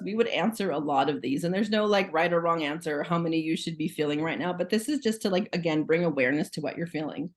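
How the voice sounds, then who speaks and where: A woman with a slightly low voice presents casually over a video call, sounding like a school social worker. She talks in a loose, chatty way, full of "like" fillers, and keeps putting questions to her listeners. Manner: chatty, many "like" fillers, asks the audience questions. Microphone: video call microphone.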